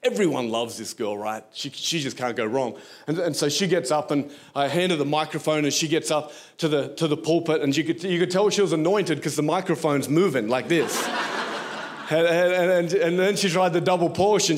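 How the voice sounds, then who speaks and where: A man preaching a sermon, telling a story and acting out the voices in it. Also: fairly high pitch. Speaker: guest preacher.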